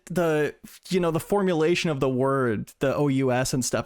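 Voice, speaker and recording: A man's voice: fairly high pitch, dry recording, studio quality. A man on a podcast panel who carefully explains word usage in a slightly pedantic way. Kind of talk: casual panel chat.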